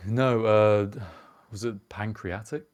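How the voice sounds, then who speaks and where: A man's voice: on the low side, steady tone, slow, darkish tone. A young British man co-hosting a casual podcast, rambling and reflective, swearing now and then. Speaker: podcast co-host. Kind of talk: casual chat.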